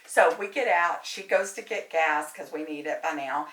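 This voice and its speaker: A woman's voice: deep voice, moderate pace. A woman, a medium and tarot reader, telling a story in casual chat, talking a lot and laughing often. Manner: animated, chatty, laughs often. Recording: roomy, distant mic, faint noise.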